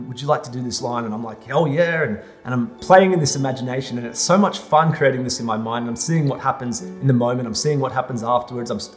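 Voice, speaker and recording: Man telling a lively personal story. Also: mid-range voice. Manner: animated, re-enacts scenes with lively quoted voices. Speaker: vlogger. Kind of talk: storytelling monologue.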